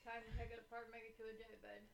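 Teasing matter-of-fact woman, fairly high voice, casual podcast chat. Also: completely flat delivery, very fast, vocal fry.

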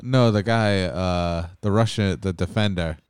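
A man's voice: low-pitched, a little slow, smooth, no echo, studio quality. A man with a New England accent co-hosting a podcast, giggling and rambling loosely with lots of "like". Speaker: podcast co-host. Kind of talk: casual joking chat.

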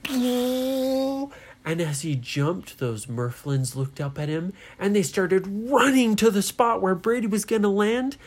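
A woman telling a children's bedtime story, slow and soft, playing up the characters' voices. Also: medium pitch.

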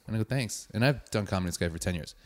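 A comedian co-hosting a podcast, telling a self-deprecating story in casual chat. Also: male voice, low-pitched, very fast.

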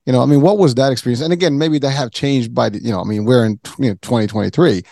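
A man's voice: medium pitch, fast talker, creaky, dark tone, no room sound, studio quality. A man hosting an interview, asking long questions that he restarts and rephrases as he goes. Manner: rambling questions with many restarts. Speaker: interviewer, host. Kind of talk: conversational interview.

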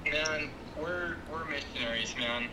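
A man's voice: a little high, measured pace, background noise. A man speaking as a missionary on a phone call, earnest and polite.

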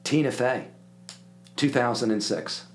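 An older man from the Philadelphia area, a guest telling animated stories and acting out the people in them. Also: mid-range voice, unhurried. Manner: animated anecdote-telling, acts out quoted voices. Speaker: podcast guest. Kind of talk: casual storytelling.

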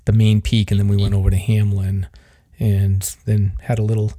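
A man's voice: fairly low pitch, little pitch movement, normal speed, dark tone, dry recording, studio quality. A man hosting a hiking podcast, rambling and self-deprecating as he opens a casual interview. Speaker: podcast host.

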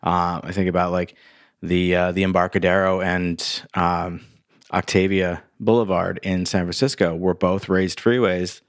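Deep-voiced man, halting podcast chat. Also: little pitch movement, dry recording, clean studio sound. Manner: halting, many fillers and restarts. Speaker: podcast co-host. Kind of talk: casual chat. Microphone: hears his own voice in headphones.

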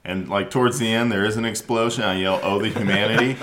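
A man in his thirties hosts a relaxed chat show and cracks jokes between sips of his drink. His voice sits low, and he laughs easily. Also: fast talker, background noise. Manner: joking, laughs often. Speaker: podcast host. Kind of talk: casual chat over drinks.

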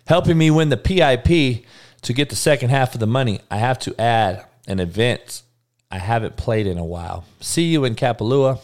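A man's voice: mid-range voice, normal speed. A young man hosting a live sports podcast, talking bluntly and rambling, with lots of swearing. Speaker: podcast host.

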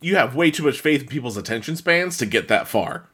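A man chatting on a podcast with friends, his pitch swinging up and down in animated banter. He laughs easily and slips into a flat mock-pleading tone when reading things aloud. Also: fairly quick, slightly rough. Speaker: podcast co-host. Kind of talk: casual banter among friends.

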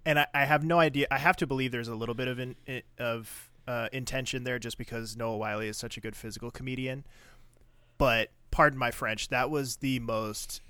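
A man's voice: mid-range voice, fairly even intonation, fairly quick, bright, forceful tone, clean tone, no echo. A man co-hosting a podcast, recapping a TV episode in blunt, crude, laughing casual chat. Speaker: podcast co-host.

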